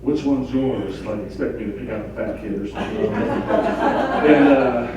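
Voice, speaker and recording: A middle-aged man doing a stand-up comedy set in a club, delivering crude jokes in a deadpan way. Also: on the low side, moderate pace, lo-fi sound, a little hiss or hum. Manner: crude deadpan one-liners. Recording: echoey club from far off, crowd laughter. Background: audience laughing.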